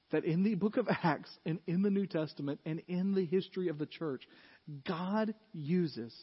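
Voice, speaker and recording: A male pastor giving a sermon, swinging from loud, emphatic peaks to quiet, low asides. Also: breathy edge. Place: church sanctuary. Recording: dull sound in a large reverberant hall.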